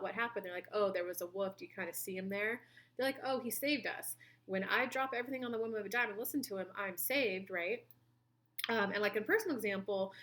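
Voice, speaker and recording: A woman's voice: medium pitch, a bit bright. A woman giving a chatty monthly tarot reading, telling personal stories and acting out what other people said. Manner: chatty, storytelling, acts out quoted voices. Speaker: tarot reader and spiritual coach.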